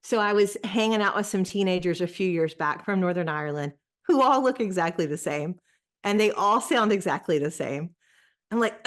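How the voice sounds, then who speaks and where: A woman who used to be a pastor, speaking as a podcast guest, reflective and searching, with many pauses and restarts. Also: medium pitch, lively intonation. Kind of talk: casual conversation.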